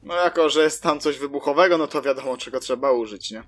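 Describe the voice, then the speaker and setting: A man's voice: medium pitch, racing, fairly bright tone. Chatty male gameplay commentator. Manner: chatty, mild swearing, talks to himself. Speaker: let's play commentator.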